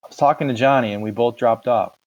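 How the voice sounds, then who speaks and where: A furious young older brother, as a male reader puts him on, his voice pushed high and loud as he scolds. He barks out each question in a raised, strained tone. The sound is dull and lo-fi. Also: fast talker, lightly acted. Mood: scolding. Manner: shouting, scolding. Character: angry young man, strict older brother.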